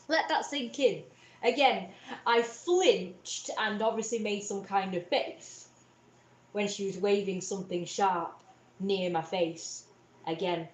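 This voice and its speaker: A young woman with a mid-range voice speaks slowly, and the sound is reverberant. Hosting a livestream on a webcam or phone, she retells a family conflict in an upset, rambling way, restarting often.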